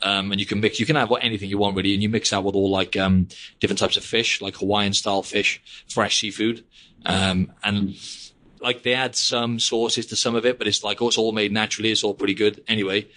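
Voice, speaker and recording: A man's voice: on the low side, fairly even intonation, a little fast, sharp tone. A young man hosting a podcast, rambling casually and saying "mate" and "like" a lot. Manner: rambling, peppers speech with "mate" and "like". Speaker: podcast host. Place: living in Australia.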